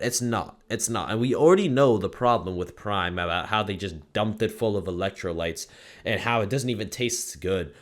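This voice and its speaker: A young man ranting casually in a rambling, profane, slangy way, often ending lines with "bro" or "man.". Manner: swings between loud outbursts and low mutters. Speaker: commentary streamer. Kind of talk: casual commentary rant.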